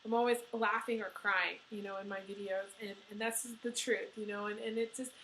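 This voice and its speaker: A woman's voice: mid-range voice, steady tone, brisk, a bit bright, reverberant, slight background noise, poor audio. A woman reading tarot cards for viewers, emotional and teary, with many fillers and restarts. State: crying. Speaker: tarot reader.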